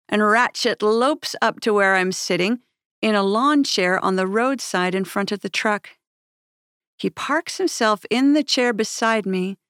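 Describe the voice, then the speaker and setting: A woman narrates her memoir in a slow, measured, earnest way. Her voice has a gravelly texture. The recording is dry and close. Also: a little high, fairly bright tone, dry recording.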